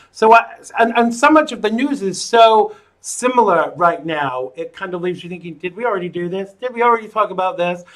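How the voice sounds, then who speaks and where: A man in his thirties with an American accent hosts a live political call-in show from a small home studio. His voice sits high for a man, and he speaks in an opinionated, filler-laden way. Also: pushed and bright, rough recording. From United States. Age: 30s. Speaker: talk show host.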